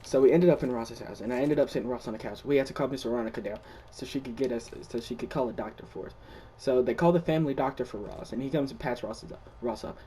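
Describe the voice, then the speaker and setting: A young man casually telling the story of a dream, excitable, swearing often and restarting his sentences. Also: medium pitch, fast talker, hardly any pauses, a little hiss or hum. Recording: distant mic.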